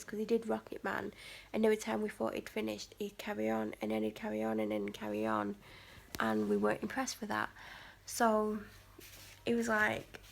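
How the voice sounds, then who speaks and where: A woman's voice: medium pitch, vocal fry, slight background noise. A woman from England chatting casually in her vlog, rambling along with lots of "like" fillers and sometimes dropping almost to a whisper. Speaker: vlogger.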